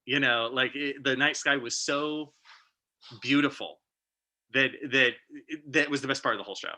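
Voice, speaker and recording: A middle-aged man giving a storytelling presentation, animated and emotional, acting out sound effects as he goes. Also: medium pitch, normal speed. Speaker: guest speaker.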